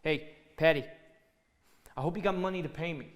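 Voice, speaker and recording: A man's voice: on the high side, a little fast, close to an everyday voice. An actor playing a chatty, brash cab driver who teases his passenger, in a stage play reading. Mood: teasing. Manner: brash, teasing. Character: wisecracking male New York cab driver, nosy and chatty. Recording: reverberant theatre recording.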